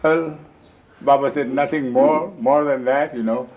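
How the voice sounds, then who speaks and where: A man telling lively, emphatic anecdotes about his time as a companion, recorded on old videotape. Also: medium pitch, unhurried. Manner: lively, emphatic retelling with acted-out quotes. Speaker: storyteller recalling his years as a companion. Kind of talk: informal anecdotal storytelling. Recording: dull lo-fi 1970s reel-to-reel videotape.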